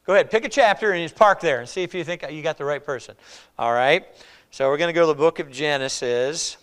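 Conversational pastor with a higher voice. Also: male voice, fast talker, smooth. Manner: conversational, asks "all right?" often, swings from loud to quiet. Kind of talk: sermon. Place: church.

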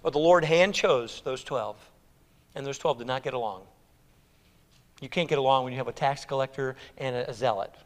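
A man preaching a sermon in an animated, exclamatory way, swinging between loud declarations and hushed passages. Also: mid-range voice, moderate pace. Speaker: pastor. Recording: echoey hall reverb.

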